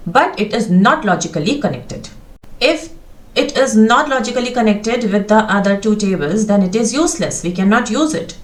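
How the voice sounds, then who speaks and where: A woman's voice: medium pitch, reverberant. A woman, explaining a database lesson patiently and checking in with her listeners often. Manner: patient, checks in with "okay?" and "right?". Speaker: SQL course instructor.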